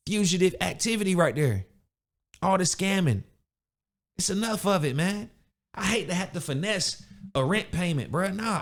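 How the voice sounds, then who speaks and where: A young man rants into his podcast mic, blunt and animated, full of street slang. His voice sits a bit higher than most men's. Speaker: podcast host. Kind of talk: casual motivational rant.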